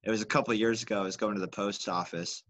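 A man's voice: lowish voice, fairly even intonation, very fast, fairly bright tone. A man casually telling a rambling, profane story on a podcast. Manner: laid-back, profane, rambling. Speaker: podcast co-host.

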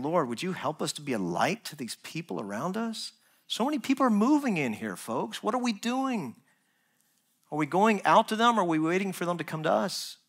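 A man preaching a sermon as pastor, earnest, rising to emphatic points and dropping to soft, quiet asides. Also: fairly high pitch. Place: church.

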